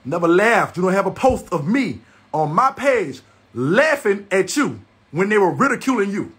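A man's voice: high voice, sing-song, normal speed, fairly bright tone, breathy edge. A man ranting angrily to his viewers, heated, repetitive and confrontational. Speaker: livestreamer. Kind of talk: angry profane rant to viewers.

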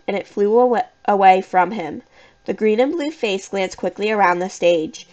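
A woman reads a spooky children's book aloud in the first person. Her reading is expressive and suspenseful, with a moderate, ordinary pitch for a woman. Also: poor audio. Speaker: audiobook reader. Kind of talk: storybook narration in first person.

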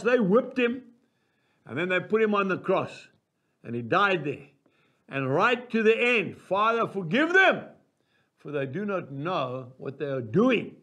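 An older man preaches with real animation, telling his stories and acting out each quoted voice. His voice sits high and swings widely up and down as he talks. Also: a bit bright, dull audio. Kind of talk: sermon.

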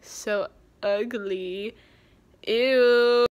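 A woman's voice: fairly high pitch, fairly even intonation, extremely slow, clean tone, muffled recording. A young woman vlogging at home, teasing her cat in a playful, cooing baby-talk voice. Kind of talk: casual home vlog.

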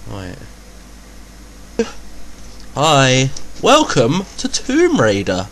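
Slow-talking gamer with a cold. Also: male voice, medium pitch, expressive, fairly bright tone, slight background noise. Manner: chatty, joking, exclaiming at the game. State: has a cold, a bit nasal. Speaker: gaming video host. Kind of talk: casual let's-play commentary.

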